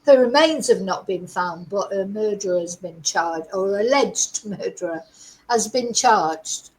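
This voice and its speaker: A woman giving casual, opinionated true crime commentary, sarcastic at times and chatty with many fillers, her throat a little rough. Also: mid-range voice, expressive, unhurried, a little mellow, low-quality recording. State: slight frog in throat, clearing throat.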